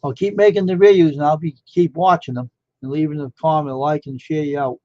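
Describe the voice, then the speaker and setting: A man's voice: fairly high pitch, steady tone, a little fast, warm tone, no echo. A man chatting casually on a live stream, rambling and amazed, firing off one question after another. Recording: dull lo-fi dry sound.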